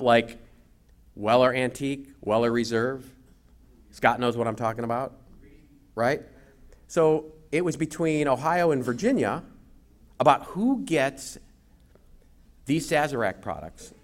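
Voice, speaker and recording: A man giving a lively luncheon talk as guest speaker, telling a story and acting out the quotes. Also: medium pitch. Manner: animated storyteller, acts out quotes.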